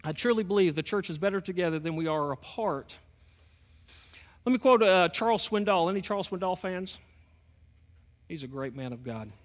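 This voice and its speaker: A pastor delivers his sermon in a high, bright-sounding voice. His talk is folksy and light, full of storytelling asides. The sound trails off in a long church-hall reverb. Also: lively intonation, normal speed, pauses often. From Texas. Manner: folksy storytelling with a joking touch.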